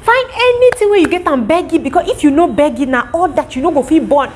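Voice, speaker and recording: A pushy, overfamiliar male street scammer with a Cameroonian Pidgin accent, acted out by a woman in a high, loud, gushing voice. He piles on exaggerated greetings and keeps coaxing. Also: lively intonation, quick pace, slight background noise.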